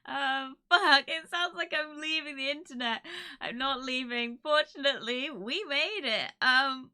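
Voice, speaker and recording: A woman streamer from the UK chatting casually to her live audience, emotional and laughing, with many pauses and fillers. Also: sits high, bright, forceful tone. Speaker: streamer hosting an anniversary stream.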